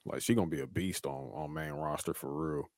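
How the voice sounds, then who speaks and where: A man's voice: a bass voice, steady tone, fairly quick, a little mellow, no room sound, clean studio sound. A man co-hosting a podcast, talking casually and swearing freely, acting out wrestlers' lines as he recaps the show. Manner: laid-back, swears freely, acts out quoted wrestlers. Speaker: podcast co-host.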